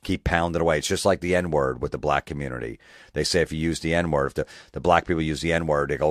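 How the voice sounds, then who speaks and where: Deep voiced guy ranting on his podcast, sarcastic, swears a lot, dry close mic. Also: steady tone, fast talker, no room sound. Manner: profane, sarcastic, mocking voices. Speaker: podcast host. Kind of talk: comedic rant.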